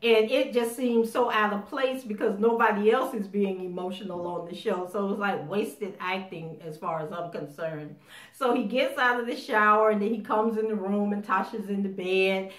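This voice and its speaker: A woman giving a casual spoken recap of a TV episode, animated as she acts out the characters' lines. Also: medium pitch, normal speed. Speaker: TV show recapper. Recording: roomy echo.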